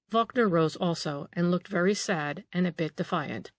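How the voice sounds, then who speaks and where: A woman narrating a novel audiobook in an even, measured storytelling voice. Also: on the low side, no echo.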